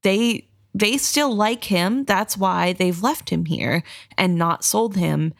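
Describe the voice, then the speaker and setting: A woman's voice: mid-range voice, slow, vocal fry, no room sound, studio quality. A woman co-hosting a book podcast, talking about the story in a chatty, empathetic way. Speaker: podcast co-host. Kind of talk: casual book discussion.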